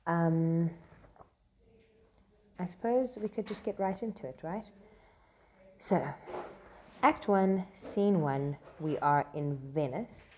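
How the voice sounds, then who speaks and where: Speaking slowly with long pauses, this woman has a warm voice on the low side, with slight background noise. She's a literature tutor giving a casual explanatory lesson on a play in a noisy classroom, chatty and full of fillers and "right?" checks, reading quotes aloud.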